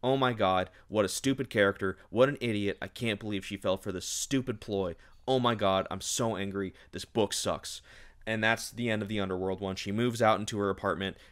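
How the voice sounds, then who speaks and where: A young man with a fairly low voice rants through a casual book review, sarcastic and openly exasperated. He mocks the story as he retells it, jumping between plain recap and mocking asides. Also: fairly quick, a bit bright.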